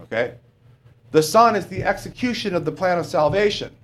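A man's voice: sits high, expressive, fairly quick, a bit bright. A male preacher giving a conversational sermon, often asking the congregation questions and adding "okay?" as he goes.

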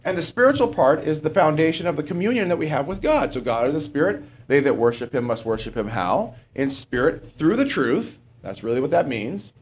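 A man's voice: a little high, big pitch swings, brisk, few pauses. A male preacher giving a conversational sermon, often asking the congregation questions and adding "okay?" as he goes.

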